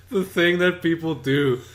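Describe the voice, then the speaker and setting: A man co-hosting a podcast in casual chat, telling stories with lots of laughing and swearing. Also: a little high. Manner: animated storytelling, laughing, swearing. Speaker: podcast co-host.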